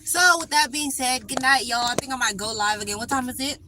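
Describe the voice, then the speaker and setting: A woman's voice: sits high, quick pace, noisy background. Breathless woman livestreaming from a car. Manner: chatty, upbeat, rambling. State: out of breath, congested nose. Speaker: livestream host. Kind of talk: casual livestream chat.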